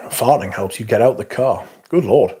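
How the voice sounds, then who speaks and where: Reviewing fragrances on a casual livestream, a man rambles, jokes crudely and profanely, restarts often, and reads viewer comments aloud. He speaks at normal speed in a warm, mid-range voice, with a little hiss or hum in the audio.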